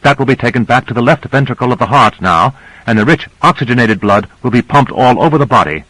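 A man's voice: fairly low pitch, expressive, moderate pace, sharp tone, dry recording, rough recording. A man reading a novel aloud, voicing a young female assistant who explains things patiently. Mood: explaining.

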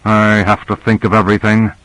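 A man reading the part of a gruff, impatient man in charge who swears when exasperated, in an audiobook. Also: lowish voice, completely flat delivery, a little fast, fairly bright tone, no room sound, close to an everyday voice, low-quality recording. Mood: dry.

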